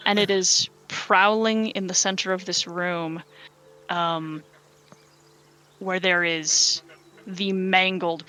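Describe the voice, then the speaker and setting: A woman narrating as game master for a tabletop game, describing a monster in halting, self-correcting bursts full of fillers. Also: fairly low pitch, sharp tone, poor audio.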